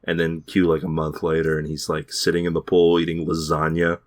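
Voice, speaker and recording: A man's voice: rumbling low, completely flat delivery, fairly quick, dry recording, clean studio sound. A man on a podcast, casually recapping a TV show and mimicking its characters as he goes. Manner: rambling recap, slips into mocking voices for characters. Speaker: podcast host.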